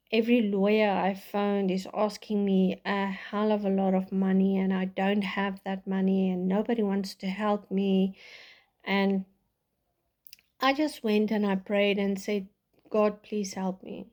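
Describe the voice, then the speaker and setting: Slow-spoken South African woman, raw and halting. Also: medium pitch, level tone, darkish tone. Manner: halting, raw and emotional, with restarts. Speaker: vlogger telling her life story. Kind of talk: personal testimony.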